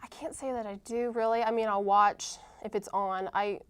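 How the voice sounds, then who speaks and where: A young woman of college age talks through her answers in a plain, mid-pitched voice. She hesitates often, filling gaps with ums and restarting her sentences. It sounds like a relaxed, casual interview. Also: normal speed, clear, resonant tone. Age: young adult. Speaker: college softball player, guest.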